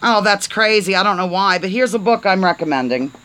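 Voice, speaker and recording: A chatty woman hosting a casual live stream, with a playful, rambling way of talking and a bright, sharp tone. She reads aloud in fits and starts and cheerfully trips over words as she goes. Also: mid-range voice, lively intonation, fairly quick, slight background noise, poor audio. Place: on a porch, outdoors.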